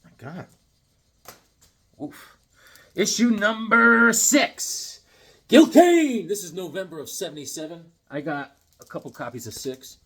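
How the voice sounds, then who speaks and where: Lively, husky-voiced man rambling excitedly. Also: sits high, a little slow, long pauses. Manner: animated and excitable, self-deprecating, rambling asides. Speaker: comic collector showing his collection. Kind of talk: casual show-and-tell vlog.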